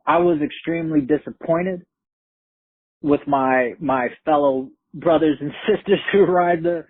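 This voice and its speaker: A man spins a profane, streetwise tale with animated energy. His voice sits a bit high and comes out husky. It sounds dry and tinny, like a phone line. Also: moderate pace, no room sound. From Brooklyn, New York. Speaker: storyteller. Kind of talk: casual spoken storytelling.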